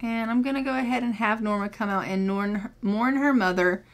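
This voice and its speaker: Giving casual let's-play commentary, a woman walks her viewers through each step of her gameplay. She speaks at a normal speed in a medium-pitched voice.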